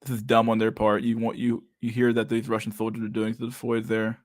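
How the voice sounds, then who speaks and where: A man's voice: lowish voice, completely flat delivery, fairly quick, no echo, studio quality. A man in his thirties hosting a casual live stream, reading viewer comments aloud in a loose, profane way and saying "dude" a lot. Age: 30s.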